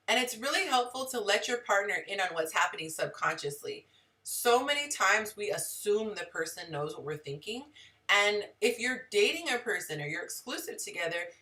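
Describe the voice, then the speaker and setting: A woman's voice: medium pitch, lively intonation, brisk, sharp tone, distant mic. A woman hosting a live relationship advice stream, talking conversationally and greeting viewers in the chat.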